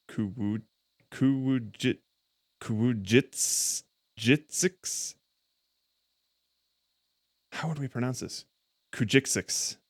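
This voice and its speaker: A man's voice: medium pitch, dry recording. A man streaming a game, rambling and correcting himself as he stumbles over words. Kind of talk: casual gameplay commentary.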